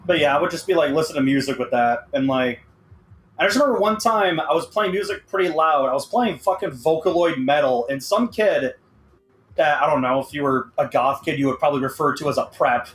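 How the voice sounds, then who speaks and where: A man's voice: on the high side, fairly quick, a bit bright. A man chatting casually on a podcast, rambling through stories with lots of swearing and laughter. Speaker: podcast co-host. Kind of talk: casual chat. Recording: echoey room with faint background noise.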